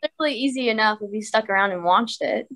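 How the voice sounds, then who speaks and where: A woman's voice: mid-range voice, fast, fairly bright tone. A young woman guest chatting casually on a podcast, upbeat and talkative, often saying "like". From United States. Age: young adult.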